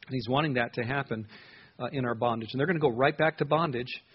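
A man with a mid-range, husky voice speaks fast, delivering an earnest sermon and reading scripture aloud with rising emphasis on certain words. The recording sounds muffled.

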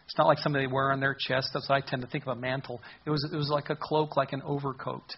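A man's voice: mid-range voice, level tone, fast talker, husky, highs cut off. A man preaching a verse-by-verse Bible sermon in an earnest, conversational way, often restarting phrases and asking rhetorical questions. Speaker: pastor.

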